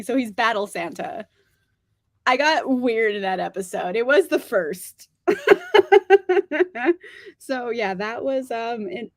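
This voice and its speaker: A woman's voice: fairly high pitch, no echo, clean studio sound. A young woman chatting casually on a live stream about books, laughing often and speaking bluntly. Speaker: book streamer answering chat.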